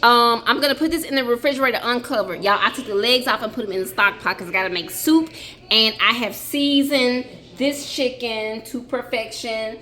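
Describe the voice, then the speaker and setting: A woman's voice: fairly high pitch, sharp tone. A woman chatting casually while she cooks in her home kitchen for a vlog. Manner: chatty, quick, talks while working. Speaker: vlogger. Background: TV playing.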